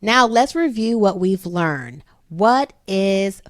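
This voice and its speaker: A woman's voice: mid-range voice, animated, slow pace, no room sound, clean studio sound. A woman in her thirties, a homeschooling mother, patiently explaining a phonics lesson to her children step by step.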